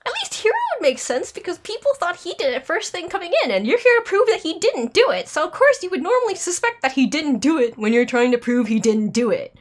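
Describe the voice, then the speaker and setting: High, animated woman ranting over gameplay. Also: brisk, few pauses. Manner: exasperated, rambling, heavy use of "like"; voice climbs high when angry. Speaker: let's play streamer.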